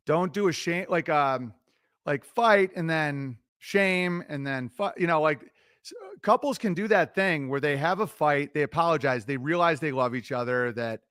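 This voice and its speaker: A middle-aged man talking loosely on a livestream, giving relationship advice in an animated, profane, self-interrupting ramble. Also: fairly high pitch, clear, resonant tone, no room sound, clean studio sound. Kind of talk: casual rambling monologue.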